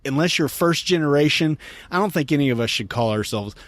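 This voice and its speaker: A man hosting a podcast, telling a story in a casual, animated way and laughing as he quotes people. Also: on the high side, a little fast, no echo. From United States. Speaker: podcast host.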